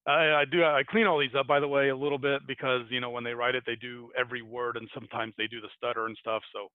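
A man's voice: mid-range voice, flat delivery, fast talker, smooth, no echo. An American man hosting a podcast in casual chat, rambling and laughing at himself as he retells a folktale. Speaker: podcast host. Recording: tinny phone-like dry sound.

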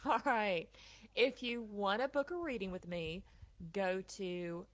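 A woman's voice: mid-range voice, lively intonation, measured pace, no echo. A woman hosting a call-in psychic radio show, chatting casually with many ums. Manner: chatty, with fillers like um and uh. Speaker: psychic medium and radio host. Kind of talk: casual talk radio chat. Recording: dull, lo-fi line.

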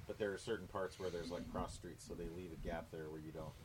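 A man co-hosting a podcast, telling stories in a quick, teasing way during a live recording on an outdoor patio. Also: sits low, fairly even intonation, noisy background. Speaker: podcast co-host. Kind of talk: casual chat.

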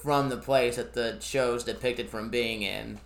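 A man's voice: medium pitch, fairly even intonation, unhurried, vocal fry, echoey room, slight background noise. A man co-hosting a casual podcast chat, easygoing, stammering into his sentences and laughing along. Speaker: podcast co-host.

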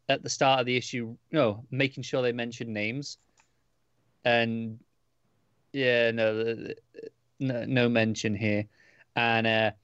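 A man's voice: medium pitch, a bit bright, dry recording, dull audio. A man co-hosting a casual podcast, reviewing a comic book in a rambling, hesitant way with many restarts.

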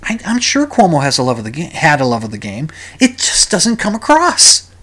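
A man's voice: a little high, wildly swooping pitch, fairly quick, fairly bright tone. Rambling, ranting male podcast host. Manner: rambling, ranting, frequent restarts and sighs. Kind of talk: solo podcast monologue.

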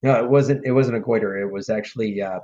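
A man's voice: lowish voice, fast, dark tone, dull audio, slight background noise. A man hosting a casual podcast who tells rambling, profane stories. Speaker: podcast host. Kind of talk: casual chat.

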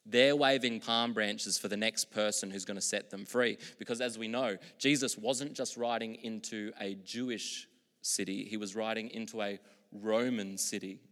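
A man preaching a sermon as pastor, moving between loud, emphatic proclamations and quiet, reflective asides. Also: fairly low pitch, fairly even intonation, moderate pace. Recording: long hall reverb.

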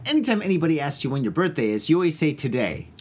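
A man's voice: on the high side, very animated, rapid-fire, darkish tone, slightly rough. A man hosting a casual drinking podcast, telling crude, rambling stories with lots of swearing. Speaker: podcast host. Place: home, indoors.

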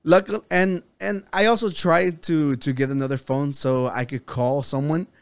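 A man's voice: on the high side, steady tone, normal speed, smooth, dry recording. A man, a podcast co-host, telling a long story in casual chat, rambling, swearing and quoting himself and others.

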